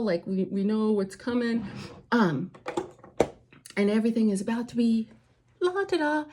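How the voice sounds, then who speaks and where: A woman author chats to camera in a casual get-ready-with-me vlog, rambling enthusiastically and using plenty of fillers. Her voice is mid-range and mellow.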